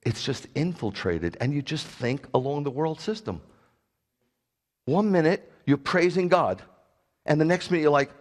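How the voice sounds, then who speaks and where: A middle-aged man preaching a sermon as pastor, animated and jokey, with sudden loud bursts. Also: medium pitch, fairly quick.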